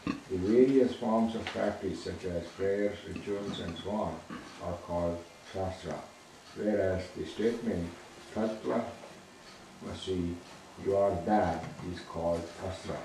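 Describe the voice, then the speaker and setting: A man reading a text aloud slowly and carefully. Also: sits low, steady tone, warm tone, a little hiss or hum. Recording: distant and very echoey, faint ambience.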